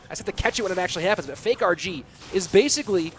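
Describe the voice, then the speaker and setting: High-voiced hype esports caster over music. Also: male voice, racing. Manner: excitable play-by-play with hype bursts. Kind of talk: live game commentary mixed with chat replies. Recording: game music clearly behind.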